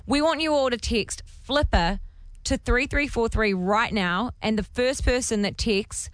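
A woman's voice: fairly high pitch, unhurried, no room sound. A woman co-hosting a radio show, upbeat and running a cash giveaway. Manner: upbeat, runs the giveaway clearly. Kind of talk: casual radio banter.

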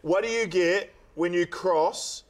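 A man's voice: sits high, slow. A man, a comedian guest in casual chat, joking and putting himself down. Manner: jokey, self-deprecating, laughs often.

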